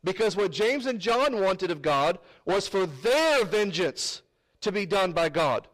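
A man's voice: high-pitched, big pitch swings, measured pace, fairly bright tone, poor audio. A man teaching a verse-by-verse Bible study, emphatic and rhetorical, repeating phrases for effect.

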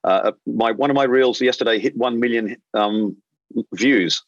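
A man in middle age talks through his story in an animated way, breaking into the voices of the people he quotes. His sound is close and dry, with a slightly dull, muffled tone. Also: mid-range voice, unhurried, no room sound. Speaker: airline captain, interview guest. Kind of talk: conversational storytelling.

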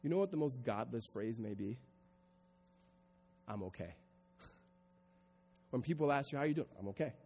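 A man's voice: mid-range voice, animated, quick pace, creaky, hardly any pauses. Man preaching in an echoing hall. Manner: builds from quiet reflection to raised, emphatic preaching. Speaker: pastor. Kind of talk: sermon. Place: church sanctuary before a congregation.

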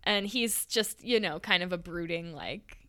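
A woman's voice: fairly low pitch, measured pace, sharp tone. A woman co-hosting a podcast in a giggly, enthusiastic casual chat. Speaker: podcast co-host.

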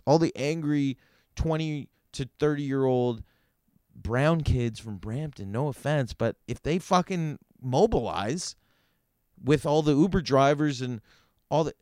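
A man's voice: a little high, clean tone, no room sound, studio quality. A man hosting his own comedy podcast, ranting profanely with sarcastic asides. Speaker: podcast host. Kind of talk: solo comedy podcast rant. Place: in Vancouver.

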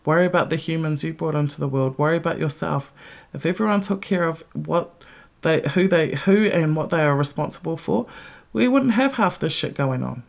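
Blunt, swearing woman with a gravelly voice. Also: low voice, normal speed. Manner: blunt, heavy swearing, emphatic. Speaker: podcast host. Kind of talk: casual ranting monologue.

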